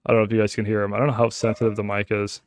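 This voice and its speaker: Excitable man. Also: fairly low pitch, racing, dry recording. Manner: excitable, chatty, talks straight to viewers. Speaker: wholesaler hosting a live stream. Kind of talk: casual live-stream chat and phone call. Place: home office.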